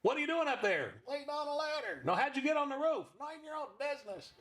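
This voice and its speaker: A man throwing a high, distant grumpy rooftop voice. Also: very animated, fast, a bit bright, full character voice.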